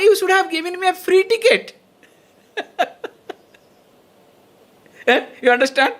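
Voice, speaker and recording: Woman swami, fairly high voice, teaching a spiritual class with laughs and frequent check-ins. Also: a bit bright. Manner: checks in with listeners often, laughs between points. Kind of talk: spiritual lecture.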